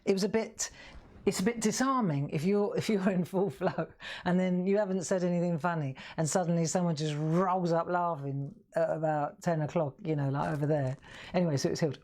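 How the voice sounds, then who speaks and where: A woman hosting a live craft show, chatting as she colours. She has a fairly low voice, and she rambles through stories with easy, informal asides. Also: fairly quick, a little mellow. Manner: rambling, chatty storytelling with laughs. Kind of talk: casual live-stream chat while colouring.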